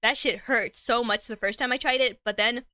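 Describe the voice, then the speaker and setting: A woman's voice: on the high side, steady tone, moderate pace, sharp tone, no echo, clean studio sound. A young woman streamer chatting casually while eating. She rambles, stumbles over her words, uses a lot of slang, and laughs often, sometimes talking with her mouth full. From Mexican heritage.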